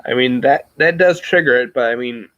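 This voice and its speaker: Speaking at a normal pace in a mid-range, fairly bright voice, a man rambles to his livestream viewers in a self-reflective way, with many fillers and restarts. The sound is lo-fi, without echo.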